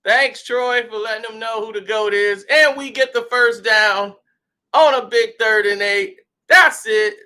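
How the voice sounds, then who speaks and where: A man commentating his own football video game as he plays, excitable and shouting at big plays, grumbling when things go wrong. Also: high voice, a little slow. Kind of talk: casual gaming commentary.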